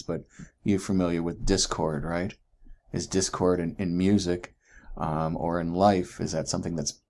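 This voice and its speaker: Deep gravelly guy teaching geology, chatty, keeps asking "right?". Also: a little mellow. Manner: chatty, asks rhetorical "right?", corrects himself. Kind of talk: casual recorded lecture.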